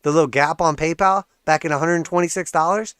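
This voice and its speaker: Male market livestream host, sarcastic ranter, slightly high voice, dry close mic. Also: brisk, fairly bright tone, clear, resonant tone, no echo. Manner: sarcastic, profane, laughs often. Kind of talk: ranting livestream commentary.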